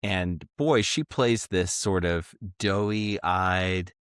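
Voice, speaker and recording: A man co-hosting a podcast, calmly leading segments and giving his take on a TV episode. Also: deep voice, clear, resonant tone, no echo, studio quality. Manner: measured, affirming, runs the segments. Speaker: podcast co-host. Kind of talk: casual podcast talk.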